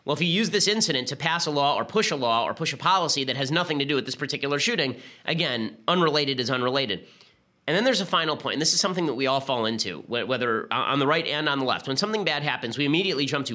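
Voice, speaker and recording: A man hosting a podcast, delivering an argumentative political commentary monologue with quick restarts. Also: medium pitch, lively intonation, pushed and bright. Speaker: podcast host.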